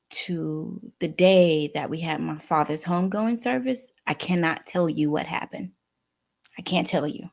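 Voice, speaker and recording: A woman guest telling a personal story in a lively way, acting out the dialogue. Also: lowish voice, vocal fry. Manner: animated, acts out dialogue.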